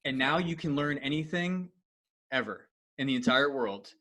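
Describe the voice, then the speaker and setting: A man's voice: medium pitch, animated, normal speed, bright, forceful tone. Friendly rambling male podcast host. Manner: rambling and friendly, restarts his sentences. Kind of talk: casual podcast interview.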